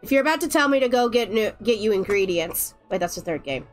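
A woman's voice: mid-range voice, animated, fast talker, faint music behind. A woman chatting casually while livestreaming a game, playful, teasing and sarcastic. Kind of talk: casual game-stream chat.

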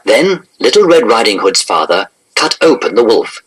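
A man reading a children's storybook aloud in an expressive, animated narration. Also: fairly low pitch, normal speed, a little hiss or hum, rough recording.

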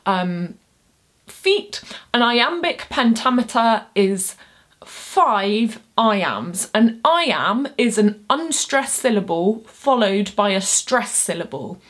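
A woman's voice: on the high side, a bit bright. A young woman, a poet explaining poetry in a chatty, nerdy way with self-deprecating asides. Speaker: poet and booktuber. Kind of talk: casual explainer video.

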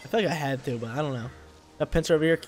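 A man's voice: a little high, rapid-fire, faint music behind. Laid-back young man commenting on gameplay. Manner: laid-back slangy chatter, bursts of loud excitement. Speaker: gameplay streamer.

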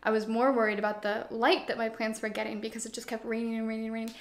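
A young woman giving a casual, chatty tour of her houseplants, shifting between cozy quiet asides and excited bursts. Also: fairly high pitch, fast. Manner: chatty and animated, swings between cozy hush and excited outbursts. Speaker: plant YouTuber. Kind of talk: casual plant tour vlog. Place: living room full of plants. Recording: echoey room.

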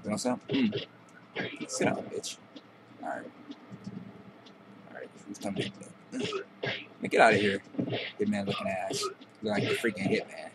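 A man's voice: fairly low pitch, animated, moderate pace, pauses often, heavy background noise. A young man giving casual, profane trash-talking commentary while playing a video game. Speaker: gameplay commentator.

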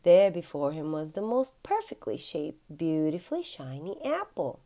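Mom reading a kids storybook, sing-song, really lively ups and downs. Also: female voice, sits low. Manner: animated, sing-song, drawn-out words. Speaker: mother reading to her son. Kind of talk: children's storybook read-aloud.

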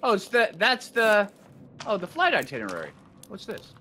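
A man with a high, bright voice chats through a co-op survival game with a friend. His pitch swings wildly as he reacts, and he keeps tossing in "dude" and "man". A faint hiss sits under the recording. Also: moderate pace. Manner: excitable, says "dude" and "man" a lot. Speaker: gaming channel host. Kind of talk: casual co-op gameplay chat.

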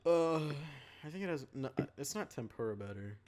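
A man's voice: medium pitch, sing-song, normal speed, a little mellow, a little hiss or hum. Giggly young man, casual podcast banter. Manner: giggly, trails off and restarts with ums. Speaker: podcast co-host. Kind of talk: casual late-night chat over voice call.

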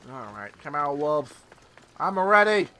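A young man giving excitable, casual let's-play commentary, with loud outbursts and constant swearing. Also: fairly high pitch, measured pace. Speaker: gameplay streamer.

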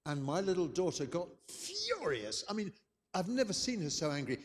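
A man's voice: high voice, huge pitch swings, moderate pace, in a large hall. An older man from England, giving a chatty, anecdotal conference lecture. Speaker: keynote speaker.

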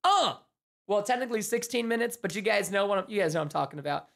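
A young man giving live gameplay commentary as a streamer, excitable and chatty, with bursts of yelling at the game. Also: sits high, quick pace, vocal fry, noisy background. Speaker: gaming livestreamer.

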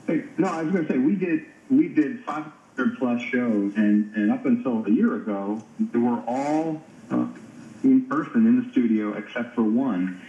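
A man's voice: medium pitch, moderate pace, warm tone. A man calling into a radio show by phone to share beer news, explaining at length and repeating words as he thinks. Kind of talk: casual radio chat. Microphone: phone line. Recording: dull phone-line sound, roomy.

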